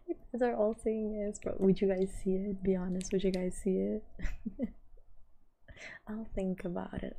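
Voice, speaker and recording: A woman with a light Portuguese accent talks casually to her stream chat, slow and unhurried. Her voice is mellow and dark with a gravelly fry, and she often sinks into a soft whisper between laughs. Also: mid-range voice, slight background noise. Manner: laughs often, chats with viewers.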